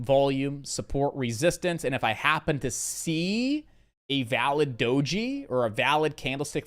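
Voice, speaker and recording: A man's voice: medium pitch, fairly bright tone. A man hosting a live day-trading stream. He answers viewer questions in a loose, rambling way, with lots of fillers, and repeats his key points in lists.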